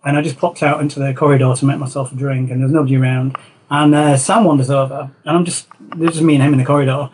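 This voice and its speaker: He's a film concept designer from Yorkshire, North England, rambling through anecdotes in a Northern accent as a casual interview guest. His mid-range voice is darkish and fast with a flat delivery, and the poor audio carries slight background noise.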